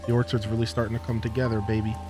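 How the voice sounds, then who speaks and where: Over music, a man with a lowish, level voice talks very fast while streaming a farming game. His casual commentary wanders through a story packed with filler words and laughs.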